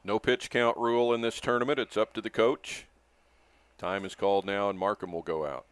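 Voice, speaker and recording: Older man, smooth baseball announcer. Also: lowish voice, fairly even intonation, normal speed, fairly bright tone, no echo. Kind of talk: live baseball commentary.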